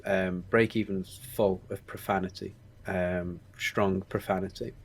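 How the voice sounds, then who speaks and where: A man's voice: deep voice, flat delivery, unhurried, gravelly. A man in his forties with a Stoke-on-Trent accent, a screenwriter talking candidly in an interview, reflective and hesitant with many restarts. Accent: Stoke-on-Trent English. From England. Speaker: screenwriter and producer guest.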